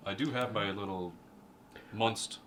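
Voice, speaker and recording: A man's voice: fairly low pitch, measured pace, a bit bright, slight background noise. A man playing a tabletop game, speaking in an easygoing, hesitant way. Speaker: player. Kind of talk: casual tabletop play.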